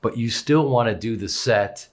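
A male podcast host asking probing questions in a halting way, restarting his sentences. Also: mid-range voice. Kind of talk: casual interview chat.

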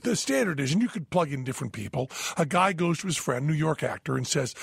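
A man co-hosting a podcast in casual chat, a lively storyteller who acts out voices, with a gravelly, husky voice. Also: fairly high pitch, fast talker, few pauses, dry recording, clean studio sound. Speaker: podcast co-host. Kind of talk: casual chat, telling an anecdote.

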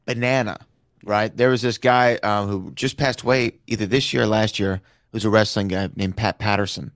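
A man's voice: lowish voice, fairly even intonation, moderate pace, a bit bright, dry recording, clean studio sound. A man co-hosting a podcast in casual chat, joking and telling playful stories. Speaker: podcast co-host.

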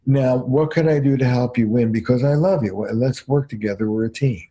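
A man's voice: mid-range voice, fairly quick. A man, a couples therapist, telling stories emphatically as a guest on a podcast interview. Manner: emphatic, animated storyteller.

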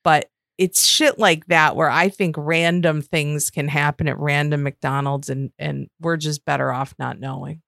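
A woman with a notably low voice, co-hosting a podcast in loose, casual chat. She tells stories candidly and swears freely, recorded dry and close with no room sound. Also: steady tone, a little slow, creaky, few pauses, a bit bright, no echo. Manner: storytelling, candid and profane. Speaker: podcast co-host.

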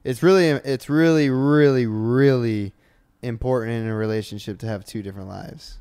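A man's voice: mid-range voice, fairly even intonation, normal speed, darkish tone, smooth. A man in his twenties co-hosting a podcast, teasing his friend with wisecracking banter in casual chat. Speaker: podcast co-host.

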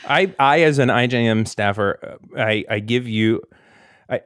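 A man's voice: medium pitch, moderate pace, fairly bright tone, smooth, no echo, clean studio sound. A man co-hosting a podcast, playful and joking, stammering a little when flustered. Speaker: podcast co-host. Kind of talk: casual chat.

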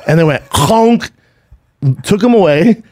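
A man's voice: mid-range voice, quick pace, a little mellow, no room sound, studio quality. A middle-aged man co-hosting a podcast, telling stories in a rambling, profane, casual way with lots of restarts. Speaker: podcast co-host. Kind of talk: casual chat.

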